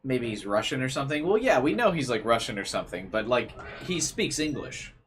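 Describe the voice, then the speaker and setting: A man's voice: medium pitch, big pitch swings, brisk, fairly bright tone, slight background noise. A man casually commenting on a visual novel game and reading its lines aloud, amused and chatty.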